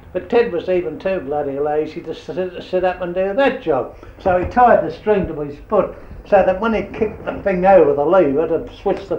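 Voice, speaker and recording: An older man tells earthy, rambling stories in an interview. His voice sits a little high and echoes in a roomy space. The tape is dull and carries a faint hiss. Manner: rambling, earthy, chuckling anecdotes. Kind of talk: oral history storytelling.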